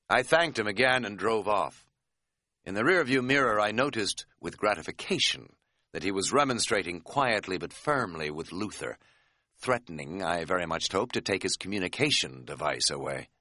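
Wry, lively male audiobook narrator. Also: sits low, normal speed, no room sound. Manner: wry, dry-humored storytelling.

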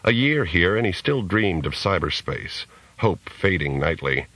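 A man narrating a novel as an audiobook in a measured reading. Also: deep voice, big pitch swings, sharp tone, no room sound, low-quality recording. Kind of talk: scripted narration.

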